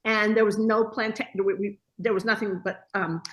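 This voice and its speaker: Here the guest, a woman who owns a hospitality business, talks in a mid-range voice, a little fast and with few pauses. Over a casual video call interview she tells stories with energy, acting out each quoted voice.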